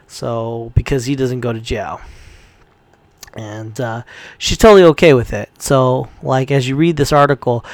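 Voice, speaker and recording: A man's voice: medium pitch, no echo. A man ranting in a casual commentary, heated and profane, rambling with frequent restarts.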